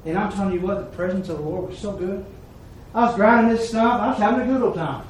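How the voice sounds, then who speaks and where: A man with a high voice preaches a folksy testimony, acting out each voice in his story. He is picked up from well off the mic, so the sound rings around a roomy church, with a faint hiss underneath. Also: fast talker. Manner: folksy, acts out quoted dialogue. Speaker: lay preacher. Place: church service. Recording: echoey room, mic far off.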